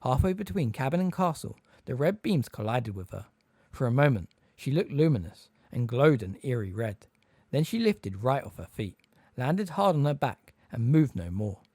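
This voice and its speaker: A man narrating an audiobook in an expressive, lively storytelling manner on a close mic. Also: medium pitch, moderate pace, no echo.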